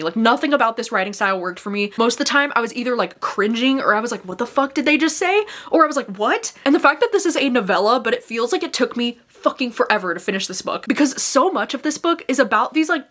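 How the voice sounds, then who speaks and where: A woman's voice: fairly high pitch, a bit bright. A young woman giving a casual, frustrated book review, full of "like" and swearing. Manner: frustrated, heavy use of "like" and swearing.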